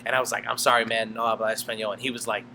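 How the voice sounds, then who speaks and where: A man's voice: fairly low pitch, rapid-fire, creaky, heavy background noise. A man co-hosting a casual podcast, telling stories with lots of laughter and acted-out voices. He grew up in South America. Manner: animated storyteller, laughs often, acts out customers. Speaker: podcast co-host. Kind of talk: casual chat, storytelling.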